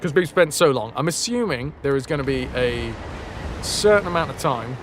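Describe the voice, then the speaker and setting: A man's voice: medium pitch, expressive, normal speed, noisy background. A man chatting playfully and rambling through a live game stream, answering his chat as he plays. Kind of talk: casual live-stream chat while gaming. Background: game music.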